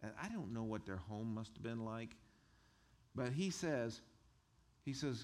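Male pastor in a casual, animated sermon, mid-range voice. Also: mid-range voice, a little slow, long pauses. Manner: conversational, animated, chuckles between points.

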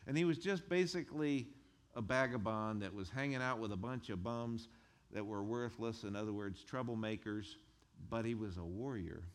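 A male pastor who preaches a sermon in a conversational, animated way and chuckles between his points. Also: fairly low pitch, normal speed.

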